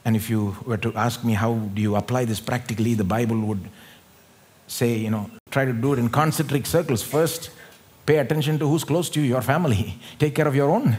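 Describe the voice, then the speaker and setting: A man with an Indian English accent preaching a sermon in church, animated, asking rhetorical questions and laughing often. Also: mid-range voice, a little fast. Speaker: pastor.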